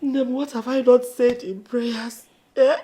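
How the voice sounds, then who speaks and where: A woman's voice: a little high, fairly even intonation, measured pace, warm tone, echoey room, lightly acted. An actress playing a grieving older mother with a Nigerian accent, crying and wailing aloud. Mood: wailing grief.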